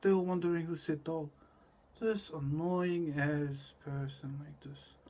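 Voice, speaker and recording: A man with a slightly high, husky voice talks in a cryptic, rambling monologue. He repeats words over and over and drifts from low murmurs to sudden loud bursts. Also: fairly even intonation, measured pace.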